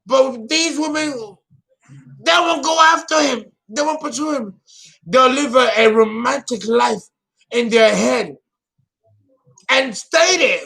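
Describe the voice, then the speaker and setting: A man talking as an astrologer in a casual vlog monologue. He is theatrical and emotional, and he swings between loud bursts and low murmurs. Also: slow pace, vocal fry, pauses often.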